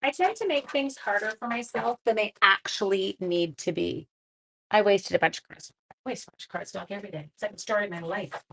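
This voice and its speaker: A woman's voice: medium pitch, brisk, vocal fry, a bit bright, slight background noise, poor audio. Middle-aged woman hosting a live card-making demo; chatty and self-mocking. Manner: chatty, self-deprecating, talks while working. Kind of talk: live-streamed crafting demo.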